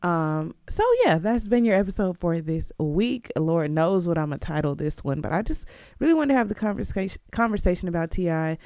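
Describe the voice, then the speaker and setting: A young adult woman hosting her own podcast, talking casually and emphatically, with sudden leaps up in pitch. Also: lively intonation, fairly quick, mellow, dry recording, clean studio sound. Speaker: podcast host. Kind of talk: casual solo podcast commentary.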